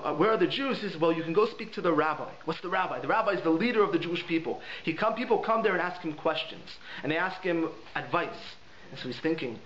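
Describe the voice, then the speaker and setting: Emphatic high-voiced rabbi in echoey room. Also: male voice. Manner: animated, repeats words for emphasis. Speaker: rabbi teaching a class. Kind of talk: holiday Torah lesson with storytelling. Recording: echoey room, dull lo-fi sound, faint hiss.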